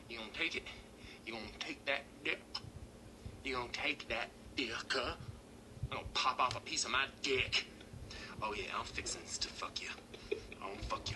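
A man's voice: mid-range voice, background noise, lightly acted. An actor playing a nervous man who mutters a crude pep talk to himself in a mirror, in a film clip. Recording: film clip with loud music.

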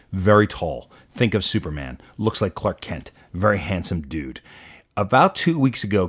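A man co-hosting a casual political talk show, opinionated and animated, with quick asides. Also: low-pitched. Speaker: podcast co-host.

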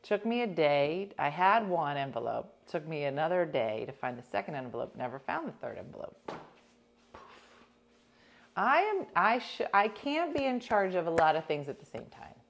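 Woman co-host with a slightly low voice, chatty and self-deprecating, relaxed conversation. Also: normal speed, creaky. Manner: chatty, self-mocking storytelling. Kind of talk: casual chat.

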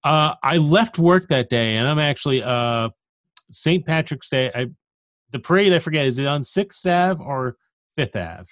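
A man co-hosting a podcast, talking casually in a measured, laid-back way. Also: fairly high pitch, lively intonation, a bit bright, dry recording, clean studio sound. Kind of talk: casual conversation.

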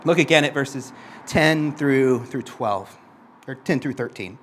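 A man preaching a sermon in a conversational way, often saying "like" and repeating words as he restarts, and reading scripture passages more slowly. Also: medium pitch, a bit bright, a little hiss or hum.

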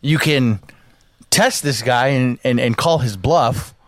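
Speaking slowly in a medium-pitched voice, a man co-hosting a podcast tells a story during casual conversation. He swears and animatedly acts out the characters' voices, and the studio-quality recording is dry.

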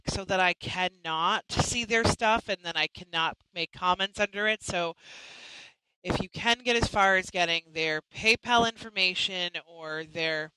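A woman's voice: on the low side, a little slow, sharp tone, clean tone, dry recording, poor audio. A woman hosting a live chat show, talking casually and chattily, often restarting and apologizing. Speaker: host.

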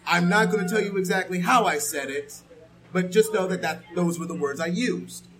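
A man in a casual comedic debate, arguing with animated exclamations. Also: high voice, normal speed, rough recording. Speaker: debate participant.

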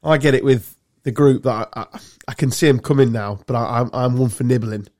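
A man's voice: medium pitch, a little mellow. A man, co-hosting a casual podcast chat with banter and blunt asides. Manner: banterish, swearing, quick asides. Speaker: podcast co-host.

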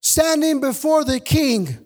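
High-pitched male pastor, fervent sing-song sermon delivery with shouted refrains. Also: animated, slow pace. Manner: impassioned preaching, sing-song cadence, shouted repetitions.

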